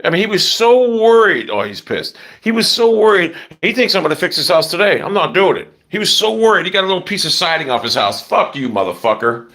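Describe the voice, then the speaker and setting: A man's voice: sits high, fast, hardly any pauses. A middle-aged man livestreaming casually from his yard on a phone, telling stories bluntly with heavy cursing. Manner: profane, blunt ranting; animated storytelling. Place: outdoors in a yard.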